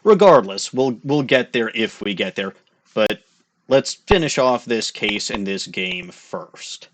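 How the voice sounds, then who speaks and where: A man's voice: fairly low pitch, lively intonation, slow pace. A man hosting a game playthrough, chatting casually with self-deprecating asides. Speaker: let's-play host.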